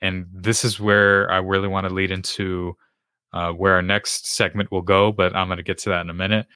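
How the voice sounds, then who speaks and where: Podcast host, male, very low voice, earnest preaching tone, dead-dry room. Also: flat delivery, moderate pace, pushed and bright, clear, resonant tone, no echo. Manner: earnest, retelling scripture with restarts. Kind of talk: faith podcast teaching.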